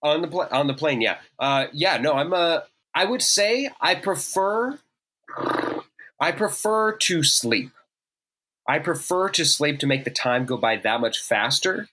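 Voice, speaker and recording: Male podcast co-host, bright tense tone, wordy playful riffing. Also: fairly high pitch, animated, measured pace, a little hiss or hum. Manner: wordy, playful, acts out bits. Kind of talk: casual chat.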